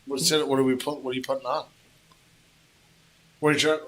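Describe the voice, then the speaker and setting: A man co-hosting a casual talk show, telling animated, joking stories in a small studio room. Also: medium pitch, a little fast. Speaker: co-host. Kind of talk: casual podcast chat.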